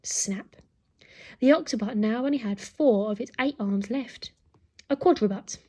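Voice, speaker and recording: A teacher, a woman, reading a children's book aloud with lively storytelling and acted sound effects. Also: fairly high pitch, moderate pace.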